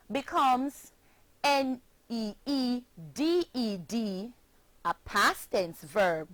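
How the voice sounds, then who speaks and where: Jamaican woman teacher, very slow and careful for kids, fairly high voice, dry close sound. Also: dry recording, low-quality recording. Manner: slow, deliberate, spells words letter by letter. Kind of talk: scripted children's phonics lesson.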